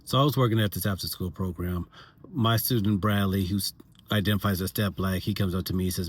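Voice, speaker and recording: A man's voice: deep voice, fast talker, slightly rough. A young man, a teacher, telling comic stories about his students to the camera, acting out their lines. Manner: animated, switches into kids' voices and sings. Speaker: teacher and comedy storyteller. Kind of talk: comedic storytelling to camera.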